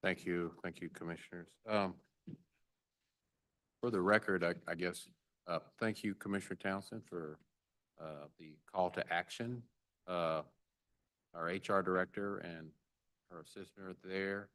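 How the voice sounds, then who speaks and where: Deep-voiced man chairing a meeting. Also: fairly even intonation, a bit bright. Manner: halting, jokey auctioneer banter. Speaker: mayor presiding over a budget meeting. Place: government meeting chamber.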